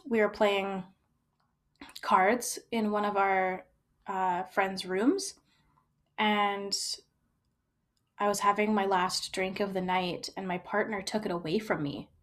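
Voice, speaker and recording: A young woman talks through a personal story, candid and reflective. She circles back, restarts phrases and leans on fillers as she thinks aloud. Her pitch sits in an ordinary middle range. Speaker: storyteller sharing personal experience.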